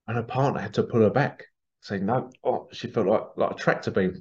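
The man is a spiritual channel host from England, speaking briskly in a fairly low, darkish voice. His monologue is a rambling, casual story packed with restarts and asides, and the sound quality is dull and lo-fi.

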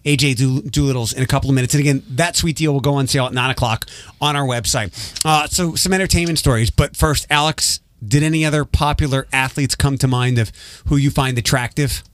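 A man's voice: mid-range voice, fairly bright tone, no echo. A man hosting a radio morning show, chatting casually with co-hosts in a dry, blunt manner and reading promos. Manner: dry, blunt, quick to correct others. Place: radio studio. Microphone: studio microphone.

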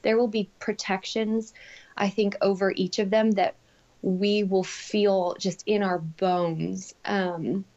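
A woman speaking in a heartfelt way on a podcast, with many fillers and soft asides. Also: medium pitch, level tone, slow pace, dull audio. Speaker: parenting expert guest. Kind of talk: conversational podcast talk.

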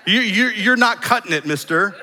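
A man's voice: high-pitched, animated, moderate pace, bright, forceful tone, voice pushed up, heavily acted. A man voicing his toddler son as a sassy little boy demanding his mother, in a raised, emphatic put-on voice. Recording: long hall reverb.

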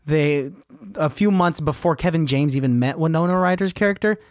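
A man co-hosting a casual podcast chat, relaxed, swearing and laughing often while retelling scenes. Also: on the high side, fairly quick, no echo, studio quality. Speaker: podcast co-host.

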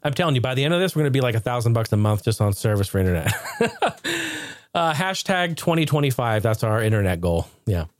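Animated male podcast host, dry sound. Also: medium pitch, fast talker, no echo. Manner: animated storyteller, laughs often. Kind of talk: casual podcast chat.

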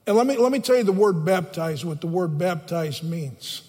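A man's voice: high-pitched, animated, normal speed, few pauses, darkish tone. A man preaching a sermon as a pastor, emphatic and repeating phrases for stress. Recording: long reverb of a large hall.

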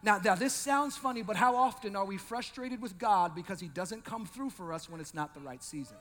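Man, pastor, very high voice, animated sermon, long reverb. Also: a little fast, a little hiss or hum. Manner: animated, shifts between loud shouting and quiet intensity; joking asides to the congregation.

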